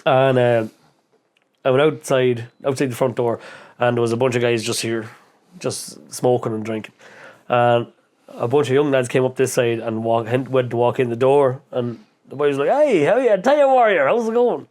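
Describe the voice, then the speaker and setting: A man from the Irish midlands with an Irish accent, a podcast guest telling stories in a casual, animated way, acting out other voices and swearing freely. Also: medium pitch, normal speed. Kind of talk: casual storytelling interview.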